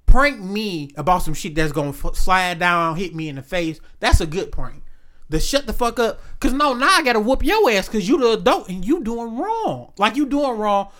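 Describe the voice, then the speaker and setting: A man talks in a relaxed, casual chat. He speaks bluntly and with emphasis. He tells stories and quotes the people in them as he talks. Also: high-pitched, normal speed.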